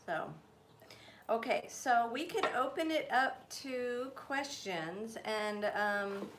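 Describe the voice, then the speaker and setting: A woman co-hosting a live stream, reading out viewers' questions in a relaxed, casual way. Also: a little high, noisy background. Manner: unhurried, scrolling through questions as she talks.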